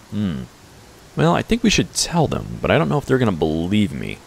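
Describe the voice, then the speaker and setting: A man's voice: fairly low pitch, wildly swooping pitch, a little fast, creaky, a little hiss or hum. A man in his twenties doing casual let's-play commentary, reading dialogue aloud with hesitant fillers. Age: 20s. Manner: hesitant with fillers, chuckling asides.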